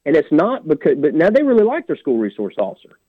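A man's voice: a little high, huge pitch swings, fast, dry recording. A man, a sheriff candidate calling in to a radio show, talking bluntly and plain-spoken. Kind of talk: phone-in radio interview. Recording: tinny dry phone line.

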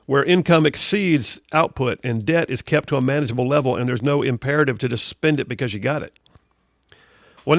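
A middle-aged male radio host with a gravelly, creaky voice gives a folksy studio monologue, talking conversationally and drifting into preachy asides. The sound is dry and close, with no room around him. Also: mid-range voice, dry recording.

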